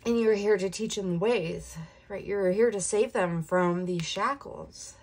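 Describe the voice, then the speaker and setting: A woman's voice: medium pitch, unhurried, darkish tone, slightly rough. A woman giving an intuitive tarot reading to her viewers, earnest and heartfelt, emotional and sighing often. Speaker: tarot reader.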